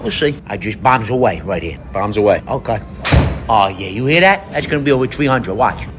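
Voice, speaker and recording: A man's voice: fairly low pitch, lively intonation, a little fast, a bit bright. A man doing a blustery golfer. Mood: blustering. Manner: blustery and profane. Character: brash loudmouth Italian-American man golfing. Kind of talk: comedy sketch.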